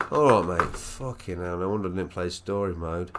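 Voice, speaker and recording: A man's voice: deep voice, moderate pace, few pauses, faint music behind. Chatty Black Country man streaming games. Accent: Black Country English. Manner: chatty, swears freely, laughs often. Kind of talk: casual live-stream chat while gaming.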